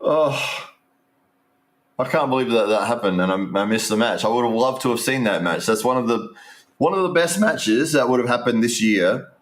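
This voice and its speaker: A man's voice: medium pitch, lively intonation, moderate pace. A man giving casual, rambling live stream commentary, restarting sentences and talking straight to his viewers.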